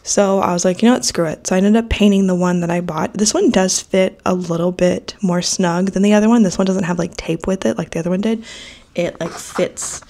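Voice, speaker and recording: Young woman vlogger, kinda nasal n sleepy, lowish voice, rambly chatter w lots of likes and ums. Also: steady tone, fairly quick, mellow. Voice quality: nasal from allergies. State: sleepy, yawning. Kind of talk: casual chat. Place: home kitchen and office. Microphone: handheld vlog camera.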